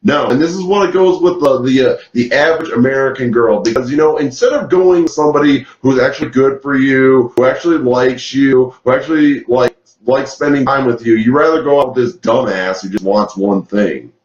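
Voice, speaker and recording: A man's voice: mid-range voice, a little fast. Male vlogger doing a swear-heavy rant review, recorded in an echoey room with a slightly dull sound. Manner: swears heavily, rants angrily with filler "like". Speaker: TV show reviewer. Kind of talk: profane ranting review.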